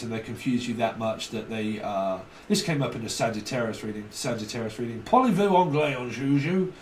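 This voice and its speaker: Brief: man, tarot reader, rambling solo talk, mid pitch, off-mic in a roomy space with faint hiss. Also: darkish tone, distant mic. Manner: rambling, repetitive, digressive, joking asides.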